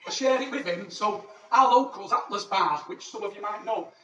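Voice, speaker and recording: In a character stand-up set, a man plays a boastful, crude legionary from ancient Rome who lives in Manchester, rambling cheekily. He speaks at a moderate pace in a high voice close to his everyday one, recorded from a distance in a roomy, noisy space.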